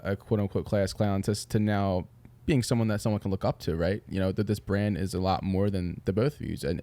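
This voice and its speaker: A man with a deep, dark and mellow voice hosts a casual podcast interview. He asks long, encouraging questions that wander and restart along the way. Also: dry recording. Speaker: podcast host.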